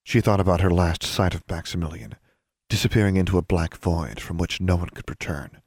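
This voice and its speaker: In a deep voice, a male narrator reads an audiobook with steady, measured storytelling. The audio is dry and clean, studio-made.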